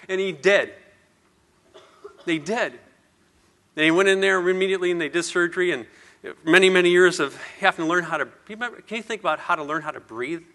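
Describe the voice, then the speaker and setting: A middle-aged man speaks to an audience, earnest and personal, stumbling over repeated words as he builds toward his point. His tone is bright and ringing, pitched a little high for a man, and he leans on rhetorical questions. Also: quick pace. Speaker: motivational speaker. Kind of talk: personal story speech to an audience.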